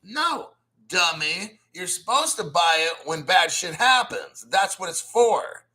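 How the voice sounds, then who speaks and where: A man talks crypto on his own livestream in a loose, blunt, profane way. His voice sits a little high and bright. He clears his throat often and answers viewer chat as he goes. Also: lively intonation, slow pace. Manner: mocks newcomers with sarcastic put-on quotes. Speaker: crypto channel host. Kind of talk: casual livestream commentary.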